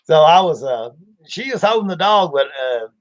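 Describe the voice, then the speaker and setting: On a livestream, this host tells wandering, homespun stories and plays out the voices. His pitch is fairly high, his delivery very animated, and his pace moderate.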